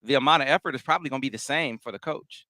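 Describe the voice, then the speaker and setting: A man hosts a casual sports talk show, speaking in a measured, analytical way and restarting often. His voice is medium-pitched with a sharp tone, and there's no echo.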